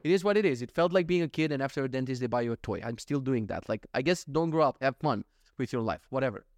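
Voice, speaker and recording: A man's voice: medium pitch, expressive, fast talker, no echo, clean studio sound. A young man ranting casually in a daily vlog, swearing often and getting worked up with exasperation. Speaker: vlogger.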